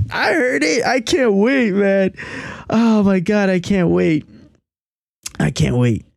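Excitable man hosting a podcast. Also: sits high, slow pace, creaky, long pauses, no room sound, studio quality. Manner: excitable, repeats himself. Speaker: podcast host. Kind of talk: casual podcast chat.

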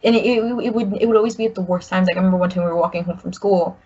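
Husky lowish voice, young woman in her 20s spilling a long story, lots of likes and restarts, kinda muffled audio. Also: steady tone, racing, darkish tone. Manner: rambling, full of "like" and restarts. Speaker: guest sharing a personal story. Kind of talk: candid personal storytelling. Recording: slightly muffled recording.

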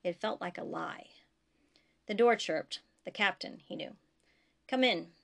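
A woman author reading her own science fiction story aloud in a steady, even narration. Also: fairly low pitch, unhurried, vocal fry. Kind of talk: audiobook narration.

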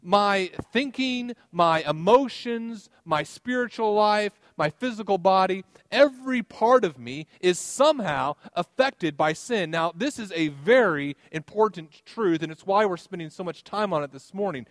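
A man's voice: high voice, animated, a little slow, hardly any pauses, a bit bright, no echo. A man delivering a sermon as pastor, in a conversational style with personal stories and light humor.

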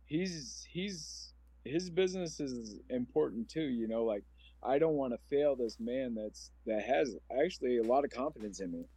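A man's voice: mid-range voice, lively intonation, normal speed, warm tone, husky, dry recording. A man in his forties from Omaha, Nebraska, telling his personal story as a podcast guest in an earnest, rambling, emotional way. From Omaha, Nebraska, USA. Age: 40s.

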